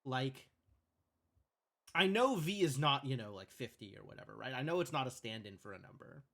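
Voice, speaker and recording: A man's voice: mid-range voice, very animated, normal speed, vocal fry, a bit bright. A man streaming a puzzle game live, thinking aloud as he plays.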